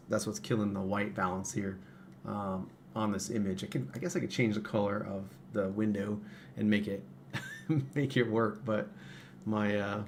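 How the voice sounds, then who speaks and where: A livestream host who also makes parts speaks in a voice on the low side, with a bit of hiss or hum on the audio. Sitting at his computer, he rambles casually, full of fillers and false starts.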